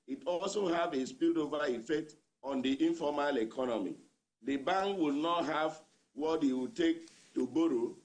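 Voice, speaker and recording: A man with a nigerian accent, labour union leader, emphatic, repeats himself, talks over a remote line. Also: a little high. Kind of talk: news interview guest.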